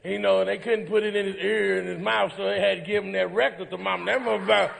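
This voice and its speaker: A comedian on a live talk show, telling rowdy stories, laughing through his punchlines and shouting the quoted lines. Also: sits high, fairly even intonation, quick pace, creaky. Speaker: comedian guest. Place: ballroom stage before a live audience. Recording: echoey ballroom, long reverb.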